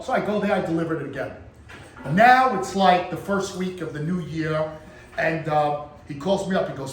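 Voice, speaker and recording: A man's voice: fairly high pitch, normal speed, slight background noise. A man hosting a storytelling vlog as a jeweler, telling an anecdote and acting out what people said. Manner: animated storyteller, acts out quotes. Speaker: jeweler and channel host. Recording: echoey room with faint ambience.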